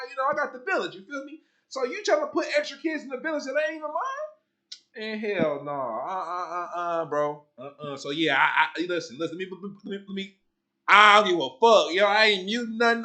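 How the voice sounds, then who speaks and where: A man hosting a casual podcast chat, talking in an animated, slangy and profane way, telling stories with lots of asides. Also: high-pitched. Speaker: podcast host.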